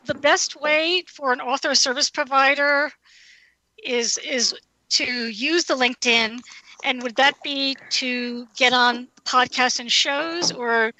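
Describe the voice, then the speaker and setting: A woman's voice: sits high, fairly even intonation, slow, pushed and bright, low-quality recording. A woman hosting an interview, summing up her guest's points and asking follow-up questions. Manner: summarizing, affirming questions. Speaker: interviewer, host.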